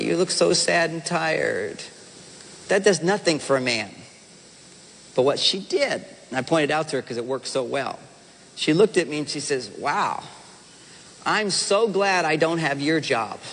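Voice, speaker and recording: A man with a fairly high voice addresses a live audience in a big hall, his words trailing into a long reverb. He talks in an animated, playful way, slipping into the voices of husbands and wives to make his point. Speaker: relationship speaker. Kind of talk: seminar talk to a live audience.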